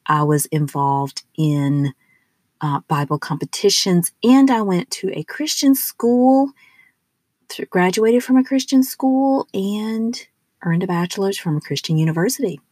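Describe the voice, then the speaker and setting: Southern woman in her 40s, spiritual podcast host, soft and affirming, low voice, dry close sound. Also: no echo. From southern United States. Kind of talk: gentle personal monologue.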